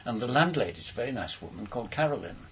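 A man's voice: medium pitch, sing-song, quick pace, slight background noise, rough recording. An older man, a poet on a panel, telling anecdotes in a hesitant way and repeating his words. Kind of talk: casual panel discussion.

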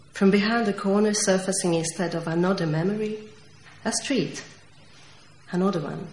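A woman with a Central Eastern European accent reading her poetry aloud, slow and measured, with dramatic stresses. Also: on the low side, a little mellow. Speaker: poet. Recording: echoey room with faint noise.

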